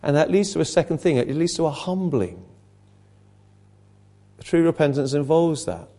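Earnest man preaching, mellow tone. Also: a little high, big pitch swings, moderate pace. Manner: earnest, with frequent restarts and dropping to a hush. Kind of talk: sermon.

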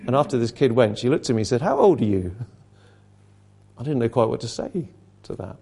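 Earnest man preaching, mellow tone. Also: medium pitch, fast talker, creaky. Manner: earnest, with frequent restarts and dropping to a hush. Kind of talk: sermon.

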